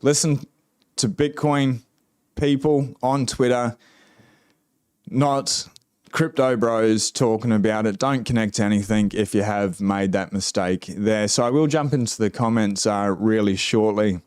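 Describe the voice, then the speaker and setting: Australian man, casual livestream host, laid-back and slangy, smooth voice, dry close sound. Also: on the low side, unhurried, a little mellow, no room sound. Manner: laid-back, drawling, slangy, with many fillers. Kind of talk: casual livestream chat reading comments.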